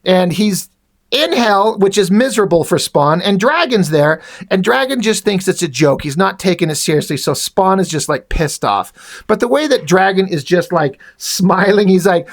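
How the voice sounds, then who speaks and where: A man's voice: high voice, animated, moderate pace. A man giving a casual, profane, sardonic recap of a comic book.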